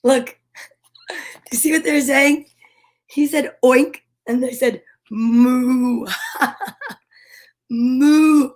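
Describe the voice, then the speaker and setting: A woman reading picture books aloud to children from her home studio, playful and animated, doing animal sounds. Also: high-pitched, extremely slow, long pauses. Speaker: children's story reader.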